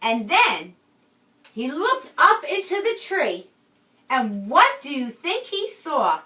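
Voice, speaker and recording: A woman teacher reading a picture book aloud to a class with expression, pausing often to ask the children questions, recorded in a roomy space from a distance. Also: sits high, wildly swooping pitch, pushed and bright.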